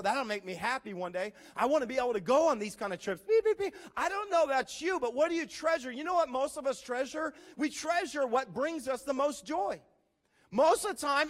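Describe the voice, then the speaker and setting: A male pastor preaching a sermon as an animated storyteller, imitating beeping sounds and swinging between loud emphasis and hushed asides. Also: extremely high pitch.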